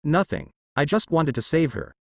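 Calm, easygoing young warrior, a man reading. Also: a little high, normal speed, no room sound. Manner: calm, nonchalant. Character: young male warrior hero, calm and kind.

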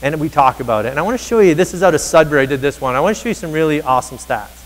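A man with a slightly high voice delivers a motivational conference keynote. He tells anecdotes with energy and acts out both sides of each exchange. His voice rings with the long reverb of a large hall. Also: racing. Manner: energetic storyteller, acts out dialogue. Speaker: keynote speaker on teacher happiness.

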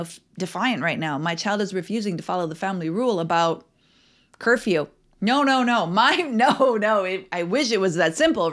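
A woman's voice: medium pitch, a bit bright. A middle-aged woman hosting a parenting podcast, talking earnestly and acting out her own racing thoughts. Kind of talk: solo podcast talk.

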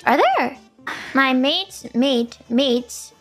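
Giggly high-voiced woman streamer. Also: extremely slow, a bit bright, soft background music. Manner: giggly, rambling, repeats words playfully. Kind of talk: casual group chat during a card game.

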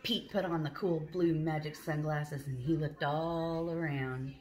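A preschool teacher reading a picture book aloud, pausing to quiz the children and praise them. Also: female voice, low voice, steady tone, a little mellow. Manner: slow, questioning, encouraging.

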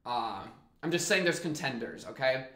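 Male reaction host, bright slightly high voice, loose rambling commentary, echoey room. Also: normal speed. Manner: rambling, animated and jokey, then winds down to a quieter reflective tone. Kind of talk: casual commentary to camera.

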